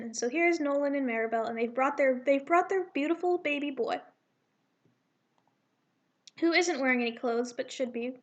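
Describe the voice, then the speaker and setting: A woman with a high voice reads through her own comic draft, loosely acting out the characters' lines. She keeps stopping to correct herself and ramble about changes she plans to make. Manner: rambling, self-correcting, with quick asides. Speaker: comic artist reading her draft aloud. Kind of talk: casual read-through of a comic, voicing characters.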